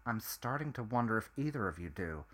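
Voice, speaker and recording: A man's voice: on the low side, sing-song, brisk, a bit bright. A man voicing a young hotel worker with a dry, sarcastic manner.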